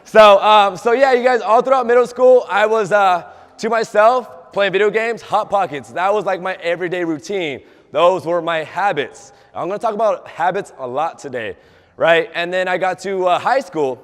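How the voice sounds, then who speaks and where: A man's voice: sits high, normal speed. A young man, a fitness trainer, giving a casual motivational talk to a group, often asking them questions and acting out quoted dialogue. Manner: chatty, asks the audience questions, acts out quoted dialogue. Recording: long hall reverb.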